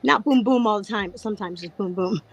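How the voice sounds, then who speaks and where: A middle-aged woman with a hoarse voice, candidly chatting about trading on a panel, laughing and swearing casually. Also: medium pitch, fast, low-quality recording. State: lost her voice, tired.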